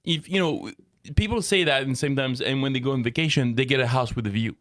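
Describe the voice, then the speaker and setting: A man's voice: mid-range voice, quick pace, fairly bright tone, no room sound, studio quality. A man from France co-hosting a casual faith talk show, chatty and laughing often. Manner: laughs often, loses his thread, chatty. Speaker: co-host.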